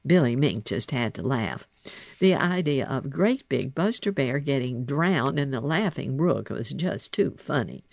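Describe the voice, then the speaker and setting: Man, storybook narrator, slow, gravelly, lively intonation, dry close sound. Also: medium pitch, no echo. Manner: expressive, animated storytelling. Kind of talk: storybook reading.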